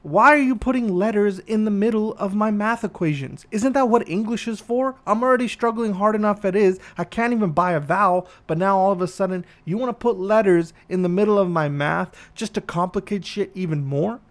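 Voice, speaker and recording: A man's voice: sits high, a little fast, hardly any pauses. A man hosting a podcast, delivering a profane, ranting comedic monologue. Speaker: podcast host.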